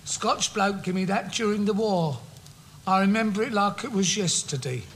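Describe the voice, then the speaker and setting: An actor playing a rambling older man who tells slow wartime stories in a TV sitcom. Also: high-pitched, a bit bright, slight background noise. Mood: reminiscing. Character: rambling old London man, a wartime veteran. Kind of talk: TV sitcom acting.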